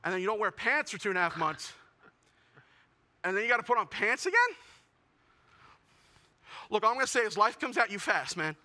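Give me a young man doing a self-mocking stand-up set in a high, bright voice. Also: expressive, brisk, long pauses. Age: young adult. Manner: self-mocking, building to shouted punchlines. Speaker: stand-up comedian.

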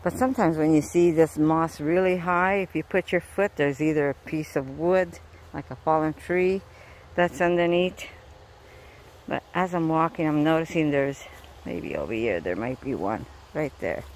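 A woman's voice: low voice, moderate pace, a little mellow, slight background noise. Middle-aged woman vlogger, winded, rambling walk-and-talk outdoors, faint ambience behind. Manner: rambling, breathy asides while walking. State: tired and out of breath. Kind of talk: casual walking vlog. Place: outdoors in woods.

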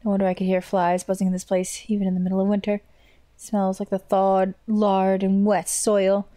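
A woman's voice: mid-range voice, monotone, a little fast, dark tone, dry recording. A woman streamer playing a game, reading and translating its lines aloud with casual, swearing jokes between them. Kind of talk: casual let's play commentary. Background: faint game music.

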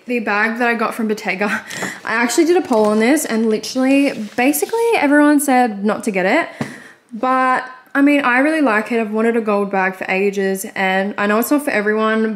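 A young woman in her twenties with an Australian accent, telling a rambling story to camera in a casual vlog, full of "like" fillers. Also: mid-range voice. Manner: fast rambling with frequent "like" fillers. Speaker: vlogger.

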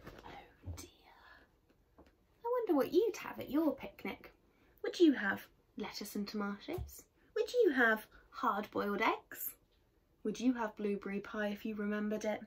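A woman reading a picture book aloud to children, expressive and asking her young listeners questions, sometimes whispering. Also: mid-range voice, normal speed, husky.

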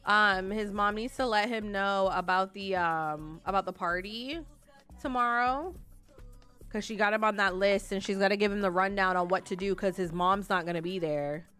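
A young woman giving slangy, expressive, profane commentary over a life-sim game. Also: mid-range voice, normal speed, clear, resonant tone, soft background music. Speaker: gaming channel host. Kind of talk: casual gameplay commentary.

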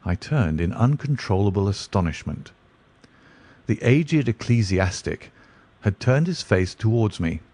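A man narrating a classic detective story in a steady, even reading voice. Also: lowish voice, measured pace.

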